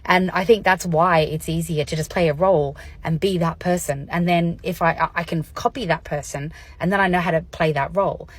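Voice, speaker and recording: Woman vlogger, low husky voice, candid and chatty, laughs a lot. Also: steady tone, brisk, few pauses. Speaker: vlogger sharing personal experience. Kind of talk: casual educational talk to camera.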